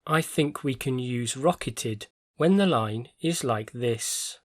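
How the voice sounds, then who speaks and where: A male English teacher talks through a vocabulary lesson at an unhurried pace, every word set down clearly and deliberately. His voice sits at an ordinary pitch and is recorded very dry and close, with no room sound around it. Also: no room sound. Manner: clear, measured explanation with careful word stress.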